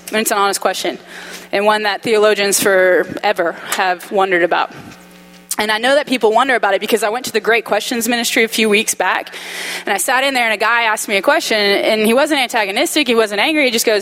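A woman preaching a sermon in a conversational, animated way, acting out quoted voices with humorous asides. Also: mid-range voice, quick pace, poor audio. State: dry mouth.

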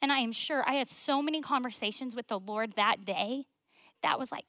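A woman's voice: a little high, a little fast, sharp tone, no room sound. A woman, sharing a personal faith testimony in an emotional, storytelling way full of "like" fillers, dropping at times to a near whisper. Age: 20s.

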